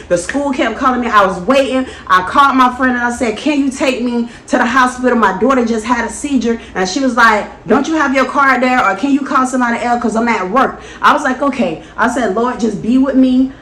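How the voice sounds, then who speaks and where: A woman's voice: fairly high pitch, a little fast, hardly any pauses, sharp tone. A woman vlogger sharing a motivational personal testimony in an earnest, preachy storytelling manner. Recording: echoey room, faint background noise.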